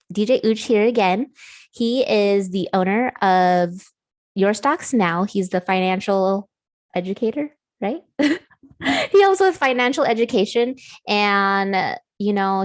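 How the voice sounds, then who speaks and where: A woman's voice: mid-range voice, no room sound. A woman hosts an interview in a casual, affirming way, leaning on fillers as she talks. Her voice sits in a middle range. The sound is dry, with no room around it. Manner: warm, affirming, many fillers. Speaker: podcast host.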